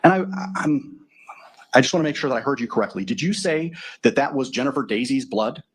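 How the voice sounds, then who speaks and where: A man with a husky, slightly breathy voice cross-examines a witness in a courtroom. He presses methodically, closing his points with leading tag questions. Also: medium pitch, animated, a little fast. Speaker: defense attorney.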